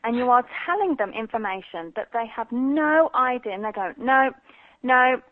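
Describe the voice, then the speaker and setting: A woman from Birmingham with a light Birmingham accent, a guest telling stories in an animated, chatty way over the phone. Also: a little high, normal speed, dry recording. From Birmingham, England. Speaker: guest psychic medium. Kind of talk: casual interview chat. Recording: tinny phone line.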